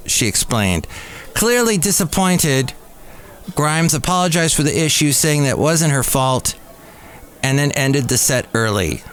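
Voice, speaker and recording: A man's voice: fairly high pitch, animated, unhurried, fairly bright tone, a little hiss or hum. Rambling man in his fifties hosting a podcast. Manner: rambling, self-deprecating asides. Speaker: podcast host. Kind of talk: casual solo podcast chat. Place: café. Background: faint background music.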